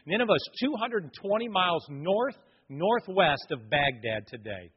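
In a long-reverb hall captured with dull, lo-fi audio, a male pastor speaks at a moderate pace in a fairly high voice with a breathy edge. His sermon is an animated personal story in which he acts out other people's voices.

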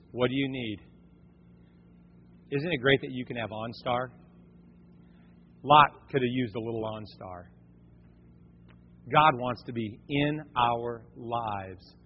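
Speaking with a medium-pitched, breathy voice, a pastor delivers a sermon as a folksy story, talking to his congregation like they're just folks. The recording is echoey and dull, made in a church hall.

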